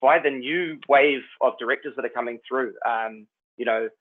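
A New Zealand man with a Kiwi accent, an actor chatting as a guest in a relaxed, rambling way. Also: mid-range voice, moderate pace. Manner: laid-back, rambling, says "man" and "like" a lot. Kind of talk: casual chat. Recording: tinny phone-like line.

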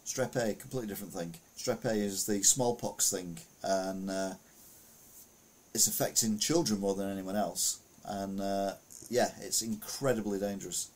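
A man's voice: sits low, steady tone, moderate pace. A man casually reading news headlines aloud and adding rambling, self-correcting comments full of fillers.

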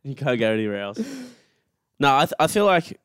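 A man's voice: mid-range voice, very animated, a little fast, a bit bright, clean tone, dry recording, studio quality. A young man with an Australian accent, co-hosting a podcast with teasing banter and frequent restarts. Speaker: podcast co-host. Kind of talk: casual chat.

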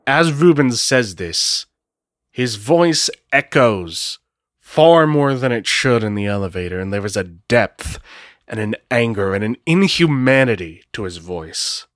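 Casual, swearing game-master narrator. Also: male voice, mid-range voice, animated, measured pace, no room sound, clean studio sound. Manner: casual, swearing, thinking aloud. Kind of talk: narrating a solo tabletop role-playing game.

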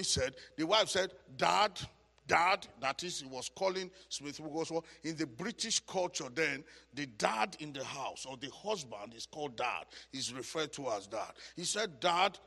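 A man preaches a Bible study in a church hall with a long, ringing reverb. His fairly high, bright, gravelly voice swings widely in pitch as he repeats phrases for emphasis. It slips into husky rasp and climbs to shouts.

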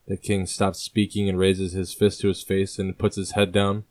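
Quiet male storybook narrator. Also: sits low, little pitch movement, normal speed, few pauses, dry recording, studio quality.

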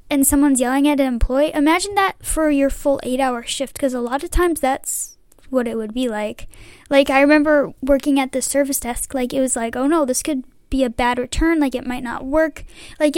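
A woman's voice: high-pitched, no room sound. A young woman hosting a casual chat, rambling with lots of fillers. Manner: rambling, many "like" and "I don't know" fillers. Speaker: podcast host.

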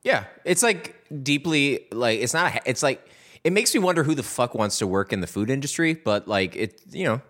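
A man's voice: medium pitch, very animated, moderate pace, a bit bright. A man co-hosting a casual podcast, talking loosely with many fillers and trailing sentences. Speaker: podcast co-host. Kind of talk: casual chat.

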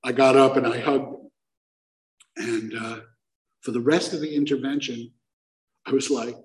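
A man's voice: mid-range voice, steady tone, a little slow, long pauses, rough recording. A man telling a personal story to a live audience in a conversational, self-mocking way, acting out the voices he quotes.

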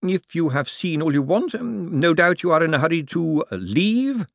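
A man's voice: a little high, sing-song, normal speed, vocal fry, dry recording, clean studio sound, voice pushed up. A man voicing a stiff, precise male head cashier who speaks formally and deferentially.

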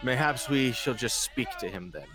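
A man's voice: mid-range voice, expressive, moderate pace, bright, forceful tone. A man playing a pious character in a tabletop game, formal in character and stammering out of it. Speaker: player.

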